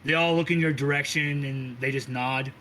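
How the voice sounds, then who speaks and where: A man's voice: medium pitch, moderate pace, slight background noise, low-quality recording. A man narrating a tabletop role-playing game as game master, casual and profane. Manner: casual, profane, lively describing.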